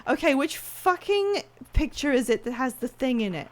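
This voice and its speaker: A woman's voice: sits high, lively intonation, moderate pace, darkish tone. A woman streaming a video game, chatting casually with her viewers, swearing, laughing and reacting as she plays. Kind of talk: casual gameplay commentary.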